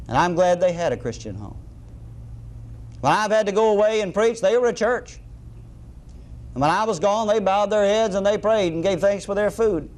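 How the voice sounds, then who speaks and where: A middle-aged man preaching a sermon, folksy and animated, with humorous asides. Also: high-pitched.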